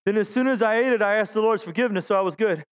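A man's voice: high-pitched, racing, clear, resonant tone. A middle-aged man preaching a sermon, telling funny stories about himself and calling out to his congregation. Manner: humorous storytelling, self-deprecating jokes. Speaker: pastor.

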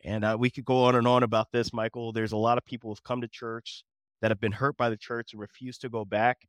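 A man's voice: mid-range voice, little pitch movement, quick pace, no echo. A man co-hosting a Bible lesson discussion, talking in an earnest, emphatic, preacherly way. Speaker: co-host of a Bible study show.

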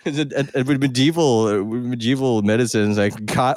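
A young man hosting a casual podcast chat, jokey and quick to laugh. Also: mid-range voice, a little mellow, no room sound, studio quality. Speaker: podcast host.

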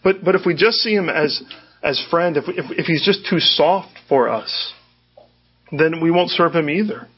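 A male pastor delivering an earnest sermon, often doubling words as he restarts his thoughts. His voice sits a little high and sounds husky. The recording is dull and lo-fi. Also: moderate pace.

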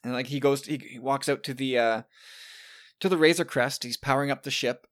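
A man's voice: medium pitch, fairly even intonation, fairly quick, a bit bright. Chatty man recapping an episode. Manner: chatty, restarts words often. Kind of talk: casual chat.

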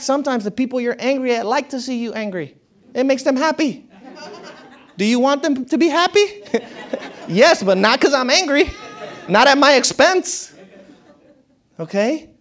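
Addressing an audience in a motivational talk, a man keeps things conversational and laughs often. His voice sinks to low murmurs, then climbs to excited peaks.

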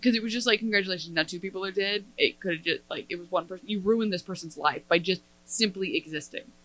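A woman's voice: fairly low pitch, fast, low-quality recording. Sarcastic woman podcast co-host. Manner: sarcastic, expressive. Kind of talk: casual chat.

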